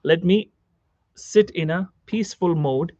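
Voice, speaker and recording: A man's voice: on the high side, measured pace, dark tone, dry recording, muffled recording. A man, a doctor, giving a seated self-help psychology talk, repeating phrases and asking the viewer questions. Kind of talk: direct-to-camera self-help lecture. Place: seated on a chair.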